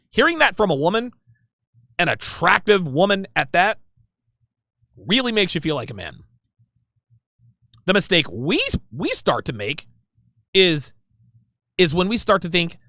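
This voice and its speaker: Animated man hosting a commentary show. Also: high voice, no echo, clean studio sound. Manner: emphatic, casual, addresses listeners as guys. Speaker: podcast host. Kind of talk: solo commentary monologue.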